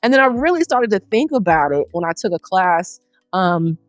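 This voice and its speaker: A woman's voice: medium pitch, sing-song, moderate pace, no echo, soft background music. A middle-aged woman with a Southern US accent, a scholar talking casually and colloquially in an interview, with self-aware humor. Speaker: scholar guest.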